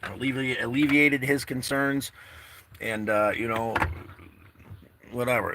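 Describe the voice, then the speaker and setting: A man's voice: mid-range voice, animated, normal speed, long pauses, sharp tone, slight background noise. Laid-back man rambling on a live stream. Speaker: travel vlogger. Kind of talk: casual live-stream chat. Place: in or by his car, outdoors.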